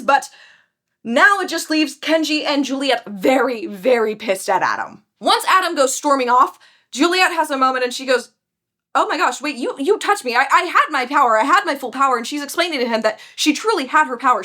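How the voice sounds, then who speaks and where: Young woman, high-pitched, casual and lively book recapper. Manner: chatty, animated retelling with quick character voices. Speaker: book reviewer.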